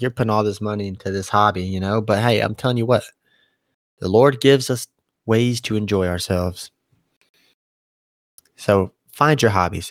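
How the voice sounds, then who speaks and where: A man's voice: lowish voice, dry recording, clean studio sound. A young man hosting his own solo podcast, talking in a casual, rambling way and often correcting himself mid-sentence. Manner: conversational, rambling, self-correcting. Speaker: podcast host.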